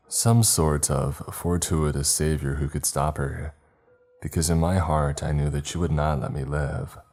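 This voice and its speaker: A man narrating a first-person horror story in a steady, grave manner. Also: a bass voice.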